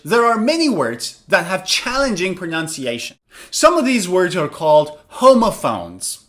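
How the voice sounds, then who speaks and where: A man teaching English pronunciation in an online lesson, explaining clearly and sounding out words slowly to demonstrate. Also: high voice, a bit bright.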